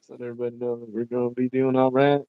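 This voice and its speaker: A man's voice: medium pitch, little pitch movement, racing, clean tone, no echo, phone-quality sound. A man co-hosting a livestream, chatting casually and rambling with lots of fillers. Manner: rambling, filler-heavy, "you know what I'm saying". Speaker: livestream co-host. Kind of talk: casual chat.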